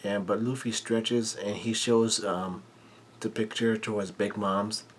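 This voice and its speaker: A man casually recapping a manga chapter in halting, run-on sentences full of "and" and "uh" fillers. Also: lowish voice, little pitch movement, slight background noise.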